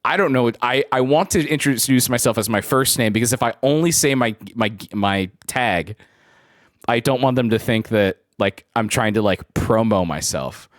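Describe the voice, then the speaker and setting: A man in his twenties chats casually with viewers on a livestream, telling rambling stories and laughing often. His mid-range voice moves at a normal speed, and the recording is dry and studio-clean.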